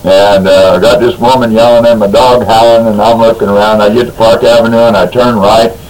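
A man's voice: on the low side, level tone, a little fast, over a noisy crowd, poor audio. A man as a radio talk guest, telling a long story in a folksy, rambling way, with stumbling restarts. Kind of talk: radio talk, anecdote and legal commentary.

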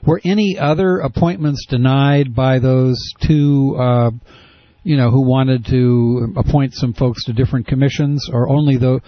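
A man's voice: medium pitch, steady tone, dry recording. Dry-voiced male radio host, probing. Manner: probing, wry, halting restarts. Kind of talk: call-in radio interview. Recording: muffled dry radio audio.

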